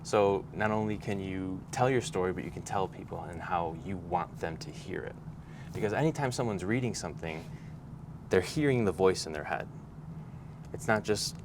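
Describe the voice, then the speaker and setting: Deep-voiced man chatting casually. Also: vocal fry. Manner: relaxed, rambling, laughs often. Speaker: podcast co-host. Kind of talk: casual chat. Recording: noisy background hum.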